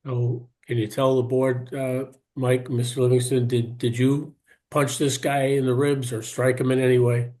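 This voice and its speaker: A man representing a bar at a hearing, questioning a witness in a halting way, full of fillers, over a video call. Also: mid-range voice, little pitch movement, a little mellow. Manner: halting, hesitant, many fillers.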